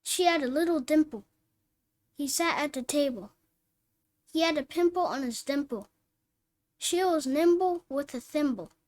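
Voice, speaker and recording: A woman reading phonics word lists and practice sentences aloud, one word at a time, slowly and clearly, like a reading teacher. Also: sits high.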